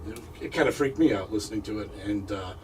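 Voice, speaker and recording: A man, a paranormal investigator, telling a personal story as a radio interview guest, halting and repeating words as he goes. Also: on the low side, recorded from a distance, slight background noise, rough recording.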